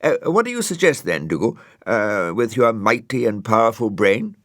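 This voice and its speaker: A man voicing a whiny, excitable male snail with a cheeky, squeaky manner in a storybook reading. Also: no echo, studio quality. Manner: cheeky, squeaky, quick to sulk.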